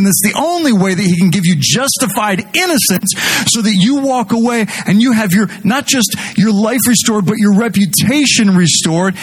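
A middle-aged man preaching a sermon as pastor, animated and jokey, speaking directly to his congregation. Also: high voice, slightly rough.

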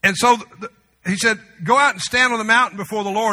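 A male pastor preaching a sermon in a church, conversational with humorous asides, sometimes dropping to a soft, slow voice. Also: high voice, steady tone. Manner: drops to a soft, slow voice for tender moments. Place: church sanctuary. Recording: long reverb of a large hall.

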